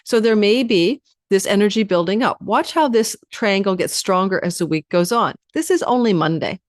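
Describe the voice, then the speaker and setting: A woman astrologer giving a chatty weekly forecast, talking fast and speaking straight to her viewers. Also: mid-range voice, expressive, no echo, clean studio sound. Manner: addresses viewers directly.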